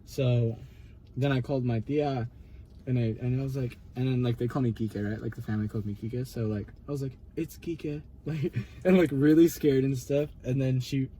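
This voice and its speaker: A man's voice: medium pitch, steady tone, fairly quick, dark tone, slight background noise. A young man, a podcast host, rambling through a story in casual chat and laughing often.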